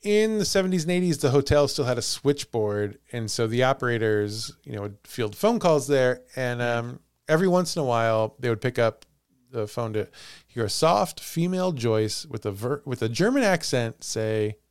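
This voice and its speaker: A man's voice: mid-range voice, expressive, moderate pace, smooth, no room sound, clean studio sound. A man hosting a podcast, telling a ghost story in casual chat and laughing often. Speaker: podcast host.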